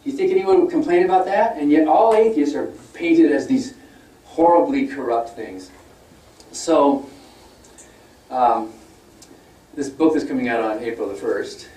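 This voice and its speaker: Older man, public lecture, chatty storytelling, mellow voice, roomy hall, mic far off. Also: mid-range voice, measured pace, long pauses. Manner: conversational storytelling, with many fillers; mimics opponents in a raised, mocking voice. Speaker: guest speaker. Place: lecture room at a university event.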